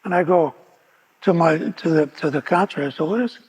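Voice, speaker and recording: A man's voice: on the high side, fairly even intonation, brisk, slightly rough. A man giving a personal recovery testimony at a meeting, telling his story with frequent restarts and repeated words. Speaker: guest speaker at a recovery meeting. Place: meeting hall. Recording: long hall reverb.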